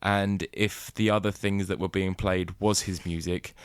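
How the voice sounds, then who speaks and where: A man's voice: low voice, flat delivery, a little slow, clear, resonant tone, dry recording, studio quality. A man on a podcast, telling a story in a laid-back, sweary manner and often trailing off mid-sentence. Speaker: podcast co-host. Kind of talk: casual podcast chat.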